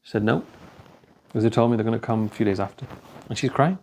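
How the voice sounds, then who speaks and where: A man's voice: lowish voice, quick pace, mellow, slight background noise. A man giving a conversational religious talk, telling stories and acting out the dialogue. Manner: anecdotal, conversational, acts out dialogue. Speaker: speaker at a talk.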